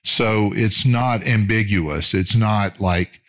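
With a fairly low pitch, a middle-aged man preaches a sermon in a measured, sincere style. He slows down to underline the key lines.

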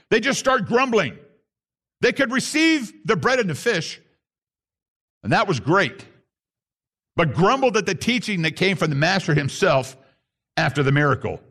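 A man's voice: high voice, a bit bright. A man preaching a sermon to his congregation, reading scripture and pressing his points with rising emphasis. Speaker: pastor.

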